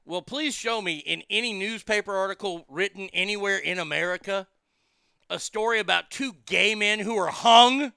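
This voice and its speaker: Guy ranting on his own show, fairly high voice with gravel in it, sarcastic and swears a lot, keeps repeating himself. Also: normal speed, sharp tone, dry recording, studio quality. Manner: profane, sarcastic, heated; repeats words when worked up. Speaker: commentary show host. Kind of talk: ranting political commentary.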